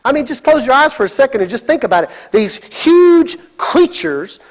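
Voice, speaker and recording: A man preaching a sermon as pastor, with a dramatic delivery that swings into shouted exclamations. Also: very high voice, sing-song, moderate pace.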